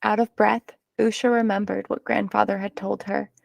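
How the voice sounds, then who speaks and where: A woman reading a children's picture book aloud, narrating in an expressive, measured way. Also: mid-range voice, vocal fry, dry recording. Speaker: storyteller.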